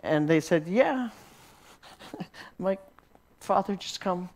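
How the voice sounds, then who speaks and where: A man's voice: high-pitched, steady tone, measured pace, darkish tone. A man teaching a sermon as a story, often repeating words as he restarts and chuckling along. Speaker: Christian teacher.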